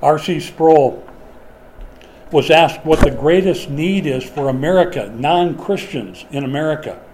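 A man's voice: fairly high pitch, a little slow, noisy background. An older man preaching a sermon in a folksy, storytelling way. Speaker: pastor.

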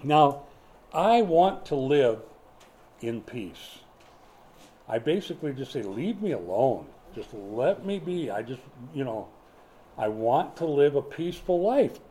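A man's voice: medium pitch, very animated, takes it slowly, mellow. An older man, a pastor, preaching a sermon in a folksy storytelling way, acting out quotes from everyday life.

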